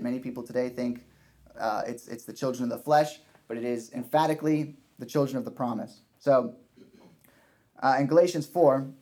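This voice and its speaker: Man, sermon, earnest, repeats points, mid-pitched voice. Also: darkish tone. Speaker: preacher.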